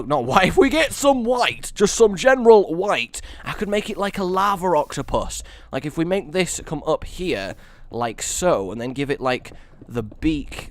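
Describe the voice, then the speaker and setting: A man's voice: mid-range voice, dry recording. A man casually commentating a building game, rambling and joking at his own expense. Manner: rambling, self-mocking, jokey. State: sore neck. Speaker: gaming video host.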